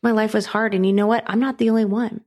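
A woman's voice: medium pitch, little pitch movement, fast, darkish tone. A woman hosting a motivational podcast, speaking earnestly and encouragingly and repeating phrases for emphasis. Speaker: podcast host.

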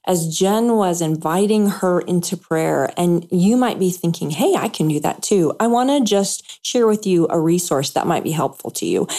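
A woman hosting an interview, speaking directly to the listeners. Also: mid-range voice. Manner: warm, addresses listeners directly. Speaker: podcast host.

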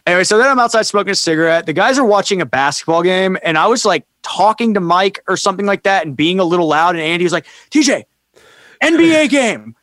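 High-voiced man telling a rowdy story. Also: quick pace, hardly any pauses, no echo. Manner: animated, acts out quoted people in raised voices, swears freely. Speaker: podcast guest. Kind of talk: casual storytelling chat.

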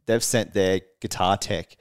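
A man with a fairly low voice, co-hosting a podcast. He tells a road story in loose, animated chat. He laughs a lot and swears without a second thought. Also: unhurried, smooth. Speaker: podcast co-host, band musician.

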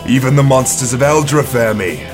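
A man's voice: mid-range voice, normal speed, music in the background, natural voice. A man voicing a boastful notorious male pirate captain who brags grandly.

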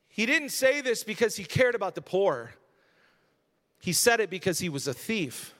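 An extremely high-pitched male voice, animated and fairly bright, moves at a measured pace. The pastor preaches conversationally in a church sanctuary, building toward emphatic moments, and a long hall reverb trails his words.

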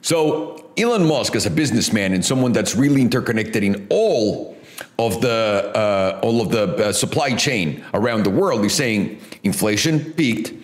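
A man's voice: fairly low pitch, lively intonation, moderate pace. A man hosting a casual finance commentary, blunt and profane in how he talks. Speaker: host. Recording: echoey room.

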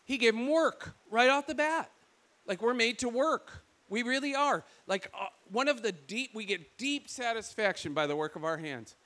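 High bright-voiced Michigan preacher. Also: male voice, moderate pace. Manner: animated storytelling, acts out quoted voices. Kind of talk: sermon.

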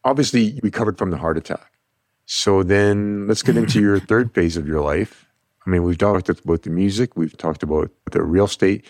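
Male podcast host, very low voice, encouraging, dry sound. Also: moderate pace, darkish tone, no echo. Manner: encouraging, affirming. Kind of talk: interviewing.

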